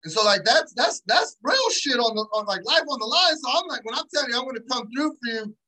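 A man in an interview, telling stories in animated, slangy, profane street talk. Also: very high-pitched, quick pace, poor audio. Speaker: guest, entrepreneur. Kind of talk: casual interview storytelling.

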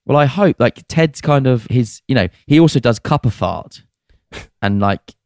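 A man's voice: medium pitch, lively intonation, normal speed, a little mellow, no echo, clean studio sound. A man co-hosting a podcast, chatting frankly and jokily with plenty of fillers. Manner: frank and jokey, lots of fillers. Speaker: podcast co-host. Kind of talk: casual chat.

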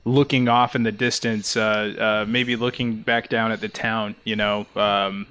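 A man's voice: on the low side, little pitch movement, unhurried, fairly bright tone, smooth. A man playing a tabletop game, describing his character's actions hesitantly, with plenty of fillers. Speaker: player.

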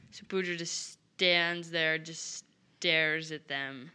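A woman playing a tabletop game, chatting casually and reacting in an animated way. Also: low voice, takes it slowly, smooth. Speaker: player.

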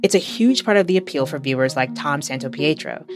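A woman hosting a podcast, reading a scripted narration in a measured, explanatory way. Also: sits low, animated, music in the background. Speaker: podcast host.

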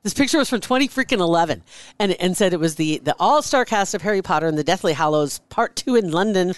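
A woman's voice: lowish voice, lively intonation, fast, no room sound. A woman co-hosting a podcast, chatting casually and laughing as she tells stories. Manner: gossipy, laughs while telling stories. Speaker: podcast co-host. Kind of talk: casual chat.

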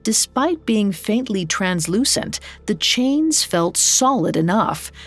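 A woman narrating a story from a script in a measured, dramatic way. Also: mid-range voice, sing-song, faint music behind.

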